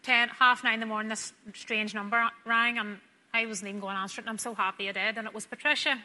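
A woman's voice: on the high side, steady tone, fast, pushed and bright. A Northern Irish woman giving a personal faith testimony, chatty and heartfelt, acting out the dialogue as she tells it. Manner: chatty, acts out dialogue, says "wee" often. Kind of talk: heartfelt storytelling. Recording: long hall reverb.

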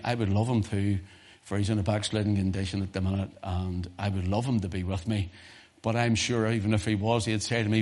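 A man with a British accent preaching a sermon, moving from quiet low musing to loud, high-pitched exhortation. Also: flat delivery, fairly quick.

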